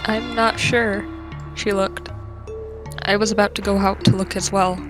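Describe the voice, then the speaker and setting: Quiet woman narrating over music. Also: medium pitch, level tone, a little slow. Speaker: roleplay player. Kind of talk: casual roleplay narration.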